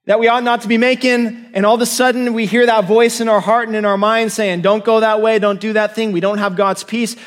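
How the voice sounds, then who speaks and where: A male pastor preaching a sermon in an earnest, emphatic way, often asking his listeners questions. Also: sits high. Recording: long hall reverb.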